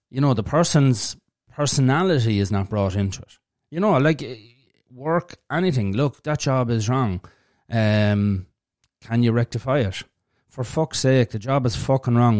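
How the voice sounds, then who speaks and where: On a casual solo podcast, a male host talks through his views bluntly and frankly, swearing freely and thinking aloud with fillers and restarts. His voice is of ordinary male pitch with a darkish tone, recorded dry and close with no room echo.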